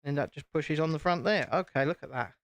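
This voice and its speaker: Chatty British man, slightly high voice. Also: a little fast, a bit bright, dry recording. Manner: chatty, self-deprecating, talks to viewers. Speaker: live-stream host. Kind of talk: casual chat while building.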